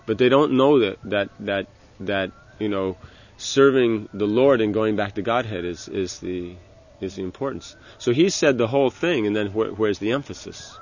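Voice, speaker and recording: A low, gravelly male voice delivers a loose, conversational religious lecture, circling back with restarts and filler words. The recording is dull and lo-fi. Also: a little mellow. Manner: halting, many restarts and "you know". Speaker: spiritual teacher.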